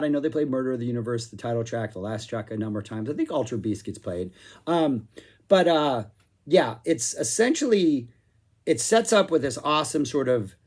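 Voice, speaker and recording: A man's voice: on the high side, a little mellow. Rambling enthusiastic man reviewing music. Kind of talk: casual spoken album review.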